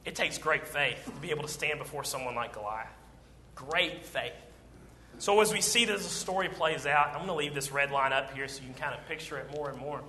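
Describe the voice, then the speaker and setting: A man preaching a sermon, retelling a Bible story with lively acted-out quotes. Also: a little high, a little fast, a little hiss or hum. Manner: animated storytelling, acting out quoted lines. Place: church auditorium. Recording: long church hall reverb.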